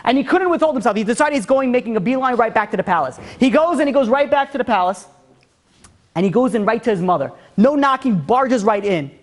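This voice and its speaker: A man's voice: very high-pitched, lively intonation, fast talker. A man, a rabbi, telling a story to an audience, acting out the characters with frequent restarts. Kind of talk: storytelling talk.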